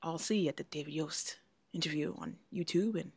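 A woman co-hosting a casual podcast, telling a long story with lively acted-out quotes. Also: low-pitched, moderate pace, gravelly, husky, no room sound. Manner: animated storyteller, acts out quotes. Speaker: podcast co-host. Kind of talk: casual chat.

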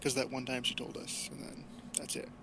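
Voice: mid-range voice, monotone, fairly quick, noisy background. A podcast panelist chatting casually with a dry, sarcastic edge. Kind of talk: casual chat.

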